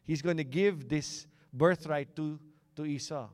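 A man's voice: a little high, unhurried, dry recording, studio quality, close to an everyday voice. A man voicing a scheming mother urging her son in a retold scripture story. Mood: urgent.

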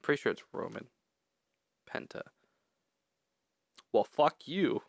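A man's voice: medium pitch, takes it slowly, creaky, no room sound. Guy on a podcast, swears a lot, tells work stories, dead dry sound. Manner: animated storytelling, swears freely. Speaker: podcast co-host. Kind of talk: casual chat.

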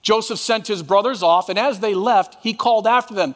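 A man pastor preaching a sermon, reading scripture dramatically and breaking into lively voiced asides. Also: high voice, a little fast, few pauses, big-room sound.

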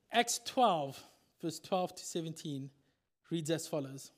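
Slow-speaking, high-voiced male pastor. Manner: animated storytelling, acts out scenes. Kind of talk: sermon.

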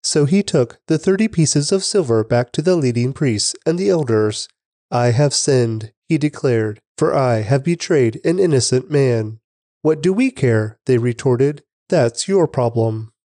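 A man giving a measured, steady scripted reading of scripture. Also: mid-range voice, dry recording. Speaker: Bible reader.

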